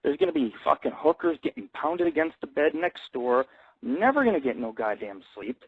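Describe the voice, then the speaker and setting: A man's voice: on the high side, huge pitch swings, normal speed, creaky, slightly rough, no echo. Blunt, foul-mouthed man on tinny radio. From grew up in an Italian-American family. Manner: blunt, rambling, swears constantly. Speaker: internet radio host. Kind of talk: profane casual monologue.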